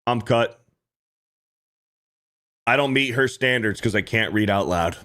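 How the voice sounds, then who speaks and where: With a mid-range, bright, forceful voice, this livestream host speaks a little slowly as he reacts to clips. His commentary is casual and profane, and he often says the same things again.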